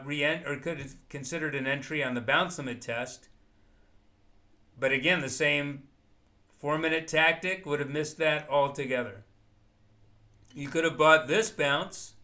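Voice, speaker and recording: A man's voice: mid-range voice, pushed and bright. A man teaching day trading live, explaining chart signals step by step and thinking aloud as he goes. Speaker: trading educator. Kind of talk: live market commentary.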